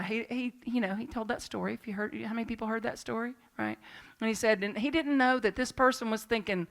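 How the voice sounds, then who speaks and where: A woman minister with a Southern accent preaching a sermon and telling personal stories in a lively, chatty way, with asides to the congregation. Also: fairly high pitch, a little fast, vocal fry, few pauses. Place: church sanctuary.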